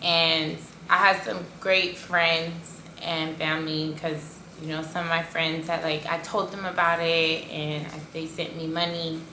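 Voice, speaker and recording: An animated woman talking casually in a storytime vlog. Her voice sits low but sounds bright and a little gravelly. She fills her retelling with "like" and playful sound effects, and the recording has an echoey room sound. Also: unhurried, hardly any pauses, a little hiss or hum. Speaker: cake business owner.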